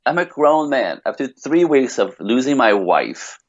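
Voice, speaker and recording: A man, a podcast guest, telling a long personal story in an animated, rambling way full of restarts. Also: mid-range voice, unhurried, dry recording, highs cut off. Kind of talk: casual podcast conversation.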